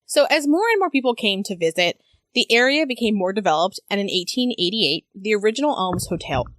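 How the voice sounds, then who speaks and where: A young woman on a podcast mic in a dry, close sound. She talks casually at a middle pitch, swears freely and breaks into laughter often. The delivery is loose and chatty, like talking with a friend. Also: very animated, brisk, a bit bright, dry recording. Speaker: podcast co-host. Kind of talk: casual chat.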